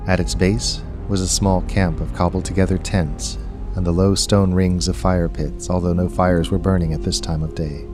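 A man reading a story aloud as narrator, in a measured, unhurried storytelling manner. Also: low-pitched, level tone, over music. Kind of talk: scripted audiobook narration.

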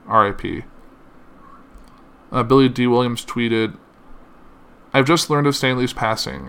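A man with a bright, forceful tone and a somewhat low voice reads tributes aloud. He halts often, with fillers and self-corrections, and sounds shaken enough that he struggles to keep going. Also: a little hiss or hum. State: emotional, finding it hard to continue. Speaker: commentator reading tributes. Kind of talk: reading statements aloud.

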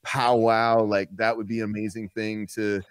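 A man's voice: fairly low pitch, little pitch movement, moderate pace, smooth, no echo. A man talking as a podcast guest, boisterous and joking, with a lot of swearing. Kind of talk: casual podcast chat.

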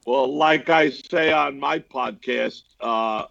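A man from the Bronx with a New York accent, a guest actor chatting in a relaxed way with frequent pauses over a video call. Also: medium pitch, vocal fry, lo-fi sound, background noise. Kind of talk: casual interview chat.

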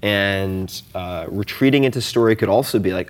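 A man talking as a guest in a casual interview, animated and self-deprecating, often restarting and filling with "like". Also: on the low side, moderate pace. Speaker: podcast guest.

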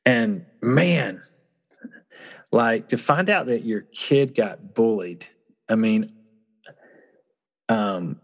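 A man's voice: lowish voice, expressive, very slow, long pauses. A man speaking reflectively and earnestly in casual conversation, often restarting his sentences as he tells a personal story. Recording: long hall reverb.

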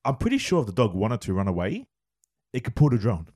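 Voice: mid-range voice, wildly swooping pitch, fast, a little mellow, husky. A podcast co-host in casual chat, joking playfully. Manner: playful, jumps into jokes.

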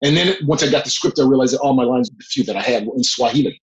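A middle-aged man speaks at an ordinary pitch, recounting his work as an actor in a relaxed interview. He tells his stories with animation and laughs between them. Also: quick pace, muffled recording. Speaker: actor, guest. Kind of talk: casual interview storytelling.

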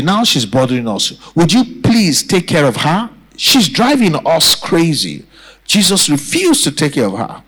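A man's voice: on the high side, fairly bright tone, rough recording. A man preaching a sermon to a congregation, repeating phrases for emphasis and calling for responses. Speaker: pastor. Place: church.

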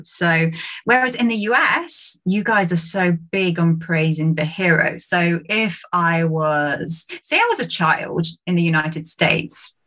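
British woman, podcast guest, low-ish pitch, bright forceful tone, animated. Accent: British English. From United Kingdom. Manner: animated, laughs often, jumps high when quoting people. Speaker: podcast guest, sales trainer. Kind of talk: casual podcast chat.

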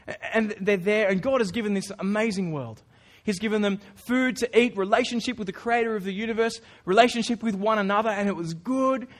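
Guy preaching, pretty high voice, casual and earnest, talks to the room like a friend. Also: fairly quick, few pauses. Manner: casual, earnest, with informal asides. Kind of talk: conversational sermon.

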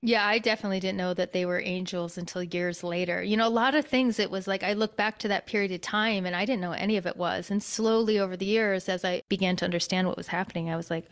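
A woman's voice: medium pitch, steady tone, fast. A woman co-hosting a spiritual podcast, explaining in a reflective, chatty way with frequent "you know"s. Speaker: podcast co-host. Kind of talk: casual spiritual podcast chat.

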